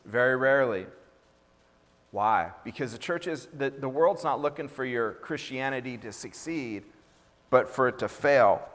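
A man's voice: medium pitch, normal speed, fairly bright tone. A man pastor preaching a sermon, emphatic and repetitive, often acting out what others say. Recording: reverberant hall.

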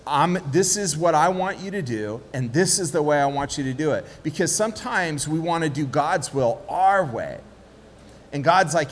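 A man preaching a sermon as pastor, lively and conversational, acting out little voices of the people in his story. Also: a little high, moderate pace. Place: church hall. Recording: long hall reverb, faint background noise.

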